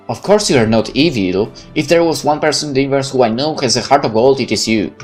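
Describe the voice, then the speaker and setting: A man reading a visual novel aloud, narrating in first person with expressive delivery. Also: medium pitch, fast, few pauses, soft background music. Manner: expressive, candid. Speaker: let's play narrator.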